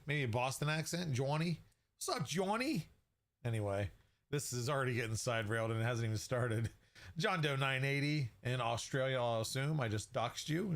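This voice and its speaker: A man hosting a casual livestream, chatty and joking, who greets viewers by name and laughs often. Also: medium pitch. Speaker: livestream host.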